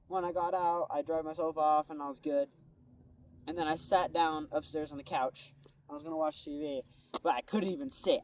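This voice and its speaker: A young man recounts his own day in a loose, laid-back ramble peppered with "bro" and "like," his voice leaning high and a little mellow. He sounds a bit removed from the mic, and faint noise lingers in the background.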